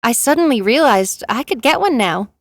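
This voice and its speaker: Woman, storybook narrator, first-person romance, steady plain reading, fairly high voice, dry sound. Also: moderate pace, no room sound.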